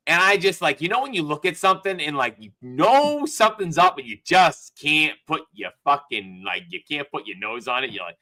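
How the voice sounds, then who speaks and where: A man co-hosting a gaming podcast, telling stories in a casual, profane, animated way. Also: on the high side, moderate pace, few pauses. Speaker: podcast co-host. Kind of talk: casual chat.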